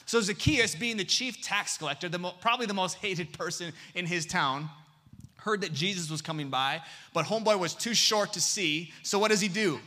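A man preaching a sermon as pastor, joking with the congregation and dropping to a hush for emphasis. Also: sits high, moderate pace. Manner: lively and humorous, swinging between loud and hushed.

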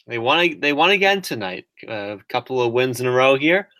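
A man's voice: mid-range voice, sing-song, a little fast, sharp tone, no echo, clean studio sound. A man co-hosting a casual sports podcast, wry and teasing, laughing easily. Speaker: podcast co-host.

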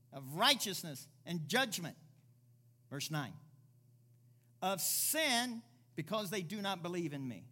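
Bright-voiced male preacher. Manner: preaching, building from low and quiet to loud and emphatic; reads scripture aloud and voices imagined listeners. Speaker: pastor. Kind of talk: sermon.

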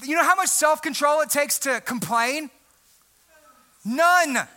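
A young adult man, a pastor, preaching a sermon in a loud, emphatic voice that breaks into shouting. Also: extremely high pitch, takes it slowly.

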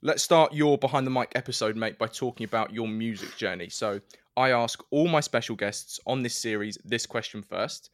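Male podcast host, friendly and chatty, mid pitch, dry close sound. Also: moderate pace, dry recording. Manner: friendly, chatty, says "mate". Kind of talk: scripted podcast intro and interview.

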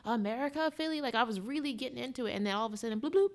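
A woman from guesting on a podcast, telling stories in a blunt, profane, animated way. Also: a little high, racing. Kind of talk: casual chat.

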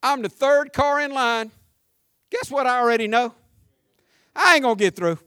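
A man preaching a sermon as pastor, folksy and joking, swinging from shouts down to quiet, low talk. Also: normal speed, clean tone, dry recording, studio quality. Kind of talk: conversational sermon.

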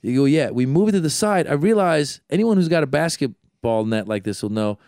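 A man hosting a podcast, telling a story in an animated, self-deprecating way. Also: on the high side, brisk, no room sound, clean studio sound. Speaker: podcast host. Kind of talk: casual chat.

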